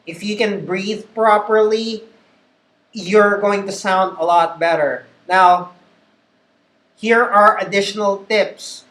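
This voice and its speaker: A man with a Filipino accent works as a call center trainer, giving patient instruction and repeating his key points. His voice sits high with a fairly bright tone, fairly even intonation, and a slow pace. The recording is in an echoey room.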